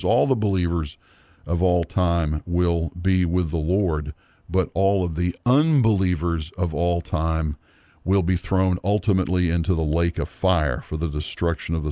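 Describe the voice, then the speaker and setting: A middle-aged man teaching a Bible lesson from a worksheet, earnest and measured, often pausing on fillers and restarts. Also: low-pitched, warm tone, no echo. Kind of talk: teaching sermon.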